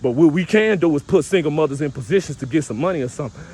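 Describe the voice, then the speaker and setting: A man's voice: fairly high pitch, expressive, very fast, mellow, slight background noise. A man vlogging a casual rant to his viewers, repetitive and full of street slang.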